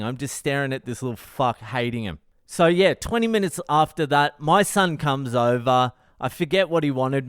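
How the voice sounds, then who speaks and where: A man's voice: medium pitch, clean tone, no room sound, studio quality. A man hosting his own podcast, telling a story in a profane, exasperated way. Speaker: comedian podcast host. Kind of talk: solo storytelling monologue.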